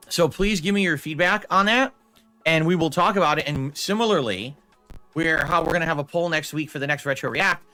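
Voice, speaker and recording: A man talking through casual stream announcements with a stuffy, ticklish throat, rambling and often clearing his throat. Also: a little high, animated, normal speed, long pauses, sharp tone, faint music behind.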